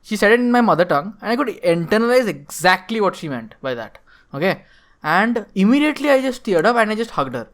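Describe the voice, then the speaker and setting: A man's voice: high-pitched, very animated, fast, fairly bright tone. A young man co-hosting a casual podcast, joking at his own expense, swearing and filling his talk with "like". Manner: jokey and self-mocking, swears, fills talk with "like". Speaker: podcast co-host.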